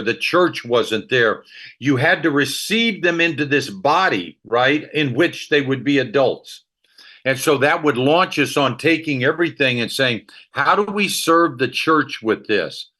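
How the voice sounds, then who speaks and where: A middle-aged man, a ministry leader and author, telling emotional stories as an interview guest. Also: medium pitch. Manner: animated storyteller, emotional anecdotes. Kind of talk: storytelling interview talk.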